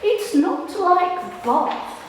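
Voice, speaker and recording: A woman voicing a sulky, disappointed man from southern England with a put-on southern English accent, high and drawn-out. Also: big pitch swings, full character voice. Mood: sneering. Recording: echoey hall, faint noise.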